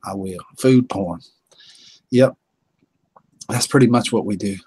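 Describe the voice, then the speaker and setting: A man's voice: on the low side, normal speed, dark tone, husky, dry recording, poor audio. A man from North Carolina with a Southern accent, hosting a casual live-stream chat in a folksy, drawling way and reading viewers' comments aloud.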